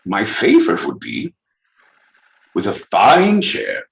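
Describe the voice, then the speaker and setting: A pompous upper-class English gentleman, as a man puts him on, drawing out his words. The voice is bright and sharp and pitched up high. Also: wildly swooping pitch, echoey room, exaggerated voice. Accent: put-on posh English. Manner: pompous, drawn-out.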